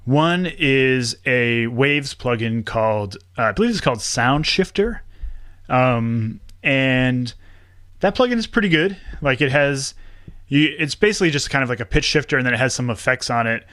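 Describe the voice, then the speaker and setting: A man's voice: mid-range voice, expressive, moderate pace, fairly bright tone, no room sound. A man being interviewed as a guest, a podcast producer who chats casually and laughs often while explaining.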